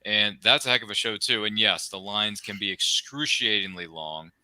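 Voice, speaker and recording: A man's voice: lowish voice, normal speed, sharp tone. A man hosting an interview, reacting with enthusiasm in casual talk. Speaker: podcast host.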